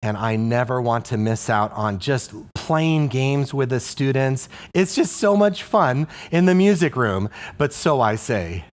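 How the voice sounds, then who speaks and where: A man's voice: medium pitch, expressive, measured pace, few pauses. A male elementary music teacher explaining a singing game to other teachers, asking the viewer questions and chanting rhythm syllables. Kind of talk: instructional video for music teachers.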